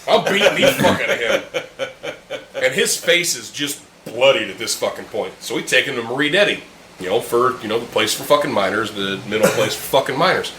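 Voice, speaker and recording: A man's voice: medium pitch, lively intonation, moderate pace, bright, forceful tone. Profane ranting man in an echoey room. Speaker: podcast host. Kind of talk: casual chat. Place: room with friends drinking beer. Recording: echoey room with faint ambient noise.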